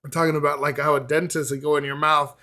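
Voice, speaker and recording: Bright-voiced man reacting to a song. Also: a little high. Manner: excitable, talks over the track, quick reactions. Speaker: reaction video host. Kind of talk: casual music reaction and commentary.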